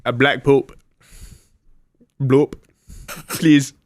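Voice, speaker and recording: A man's voice: mid-range voice, level tone, extremely slow, dry recording, clean studio sound. A man voicing a laid-back stoner character in an exaggerated put-on Jamaican accent, drawling and giggly.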